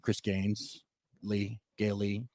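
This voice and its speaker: A man's voice: on the low side, monotone, slow, dark tone, slight background noise, pitched below the performer's own voice. A man voicing a brooding, self-pitying young emo musician. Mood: mopey.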